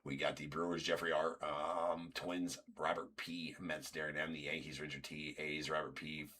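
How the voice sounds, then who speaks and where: A man's voice: extremely low pitch, level tone, normal speed, bright, forceful tone. A man hosting a live-streamed card break, rattling off teams and names and joking with viewers. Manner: chatty, rattles off team and name lists, jokes with viewers.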